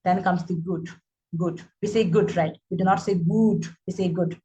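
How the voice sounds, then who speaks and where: A woman's voice: fairly low pitch, steady tone, a little fast, a little mellow, low-quality recording. A woman, teaching English phonetics. She repeats example words and often checks in with "right?". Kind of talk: phonetics lesson.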